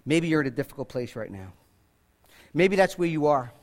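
A man's voice: on the high side, big pitch swings, moderate pace. A man preaching a sermon, repeating himself and restarting phrases, lifting his voice when he quotes scripture. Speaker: pastor.

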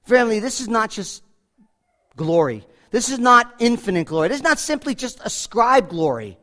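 A pastor preaching a sermon, emphatic, often dropping to a hush and asking the congregation direct questions. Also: male voice, extremely high pitch, very animated, normal speed. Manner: emphatic preaching, swings from loud to hushed.

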